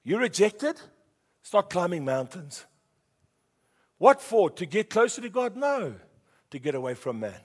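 A male pastor, preaching a sermon and calling on the congregation to repeat his words, dropping from hushed tones to loud passion. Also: high-pitched, very animated, a little slow, pauses often, slightly rough. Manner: call-and-response preaching, swinging between hushed and loud.

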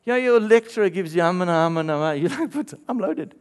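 Guy preaching, telling a funny story, laughs here and there, pretty animated. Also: high-pitched, fairly quick. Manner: storytelling with playful asides and light laughter. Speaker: pastor. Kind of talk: sermon.

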